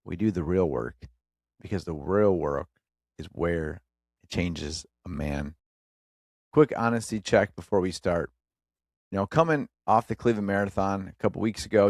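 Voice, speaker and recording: A deep-voiced man with a darkish tone hosts a faith-based motivational podcast, recorded with studio quality and no echo. He speaks earnestly in short, emphatic phrases, calling the listener brother.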